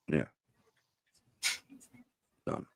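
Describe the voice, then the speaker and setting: A man's voice: extremely slow, a little mellow, no echo, studio quality. A man telling a personal family story in casual conversation, blunt and profane. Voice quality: gravelly. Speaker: guest telling his life story.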